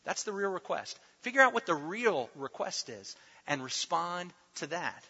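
A man's voice: high-pitched, sing-song, normal speed, bright, forceful tone, slightly rough. A man preaching a sermon in an emphatic, repetitive style, with playful asides. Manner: emphatic, repeats key phrases, playful asides. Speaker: pastor. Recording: dull recording with long hall reverb.

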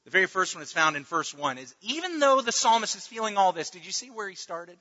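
A man's voice: sits high, big pitch swings, quick pace, pushed and bright. A man preaching a sermon in an earnest way, often restarting words and at times dropping almost to a murmur. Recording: dull lo-fi audio with long reverb.

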